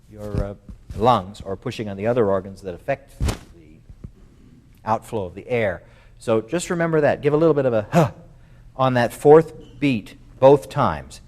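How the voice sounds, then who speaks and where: A man's voice: fairly low pitch, darkish tone. Man, music clinician, masterclass coaching, talks through ideas with fillers, sings bits of phrases on syllables. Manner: thoughtful, with many fillers.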